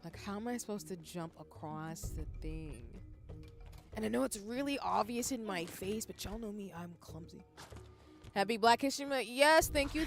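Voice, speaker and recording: A young woman with a Southern US accent, streaming a game live, chatty, swearing and breaking into loud outbursts. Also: lowish voice. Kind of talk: live gaming stream chat.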